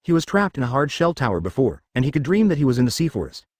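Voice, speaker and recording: A man's synthetic voice narrating a fan fiction story in a steady machine read. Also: medium pitch, fast talker, dry recording, studio quality.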